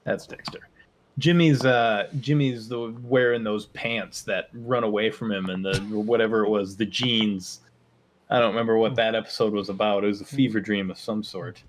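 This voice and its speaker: A man's voice: fairly low pitch, fairly even intonation, moderate pace, a little hiss or hum. A man co-hosting a casual podcast, joking around and slipping into silly quoted voices. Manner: jokey, breaks into goofy quoted voices. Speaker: podcast co-host. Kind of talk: casual chat.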